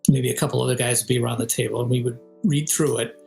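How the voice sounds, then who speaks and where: A fast-talking older man with a gravelly, mid-range voice, he composes for games and directs audio. In this casual video interview he acts out anecdotes, sings snatches of melody and imitates voices, while soft music runs under a rough recording.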